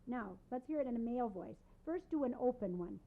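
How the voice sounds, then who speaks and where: A woman vocal instructor giving calm, deliberate coaching in a recorded voice lesson, on a lo-fi cassette tape. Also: a little high, creaky. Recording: tinny lo-fi cassette tape with piano. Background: piano accompaniment.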